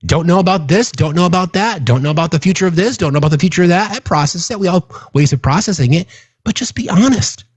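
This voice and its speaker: Passionate, profane man with husky voice. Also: sits high, lively intonation, fast, no room sound. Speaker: livestream host. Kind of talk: casual livestream talk to chat.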